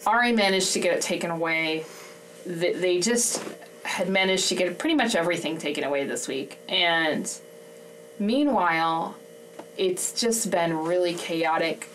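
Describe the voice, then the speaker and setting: Her fairly low, slightly bright voice moves a bit slowly, recorded by a distant mic with faint background noise. This podcast co-host and homeschooling mom laughs often while speaking openly and candidly about her feelings in a faith conversation.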